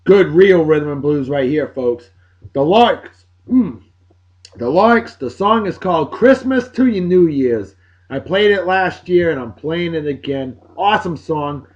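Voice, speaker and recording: A man's voice: fairly high pitch, lively intonation, measured pace, muffled recording. A man hosting a casual beer and music vlog, talking in a boisterous, crude, showman-like way. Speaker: host.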